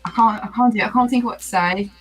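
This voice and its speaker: A woman's voice: a little high, very fast, a little hiss or hum. A woman on a live stream chat, shy and reluctant when pushed to perform.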